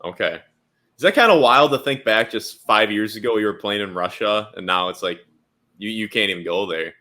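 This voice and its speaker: A man's voice: lowish voice, a little fast, bright, forceful tone. A man hosting a sports podcast, asking short questions and reacting briefly. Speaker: podcast host. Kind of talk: casual interview.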